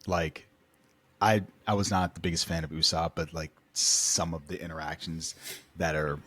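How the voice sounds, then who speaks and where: A man co-hosting a podcast, talking in casual chat, excitable and jokey, often restarting his sentences. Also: low-pitched, moderate pace, no room sound. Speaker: podcast co-host.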